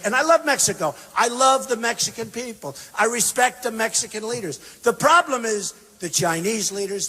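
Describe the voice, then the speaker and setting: A man giving a campaign rally speech, emphatic and repetitive, swinging between shouted bursts and quiet asides. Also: very high voice, slightly rough. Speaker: political candidate speaking at a rally. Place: large university venue. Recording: long reverb from a big hall.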